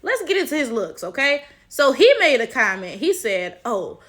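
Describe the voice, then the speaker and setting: A woman's voice: fairly high pitch, sing-song, normal speed, fairly bright tone. Emphatic, sarcastic commentary woman. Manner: emphatic and sarcastic, constant tag questions. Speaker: commentary channel host. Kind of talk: reaction commentary.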